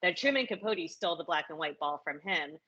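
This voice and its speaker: A woman's voice: deep voice, animated, a little fast, sharp tone, husky. Chatty woman co-host, dull lo-fi sound. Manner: eager, chatty, gushing. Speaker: podcast co-host. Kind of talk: casual film chat.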